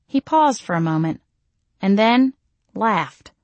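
A woman's voice: medium pitch, lively intonation, slow, a little mellow, no room sound. A woman reading a first-person audiobook in a wry, self-deprecating way. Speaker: audiobook narrator.

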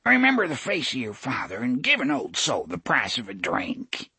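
A man's voice: mid-range voice, huge pitch swings, moderate pace, gravelly, bright, forceful tone, husky, no echo, pitched above the performer's own voice, full character voice. A man voicing a drunken, beaten old barfly who whines and cackles as he begs for a drink. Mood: wheedling. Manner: cackling, whining, pleading.

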